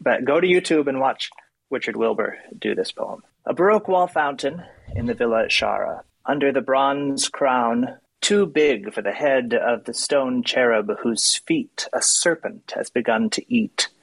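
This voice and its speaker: This is a man whose voice has a nasal, somewhat tinny ring and a gravelly texture. He discusses poetry thoughtfully, feeling his way through ideas, and reads verse aloud with attention to each line. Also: medium pitch, lively intonation, a little slow. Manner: thoughtful, hesitant with fillers. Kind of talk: casual discussion and poetry reading.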